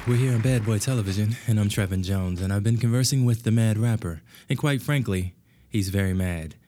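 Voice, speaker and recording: An actor playing a polite TV talk-show host who presents in a measured, formal way. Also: male voice, on the low side, dark tone, close to an everyday voice. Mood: composed.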